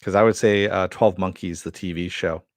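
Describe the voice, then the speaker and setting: Deep-voiced man chatting casually. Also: fairly even intonation, normal speed, no room sound, studio quality. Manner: chatty, answers viewer chat, swears. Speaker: host. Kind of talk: casual live-stream chat.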